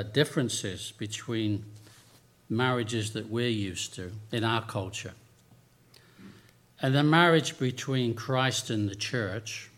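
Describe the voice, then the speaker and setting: Man preaching a lively sermon. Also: mid-range voice. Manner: lively and conversational, with humorous asides.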